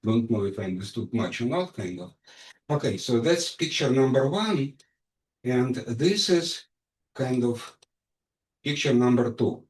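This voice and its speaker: A man's voice: medium pitch, expressive, measured pace. A man giving an academic conference lecture, speaking hesitantly with frequent fillers and restarts. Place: lecture hall. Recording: echoey hall, mic far off.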